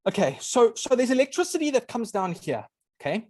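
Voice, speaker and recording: A man's voice: very high voice, a little fast, no echo, studio quality. A man giving an earnest talk as a guest speaker, explaining ideas step by step. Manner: earnest, animated, often apologizes. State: briefly emotional. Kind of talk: presenting a talk on a video call.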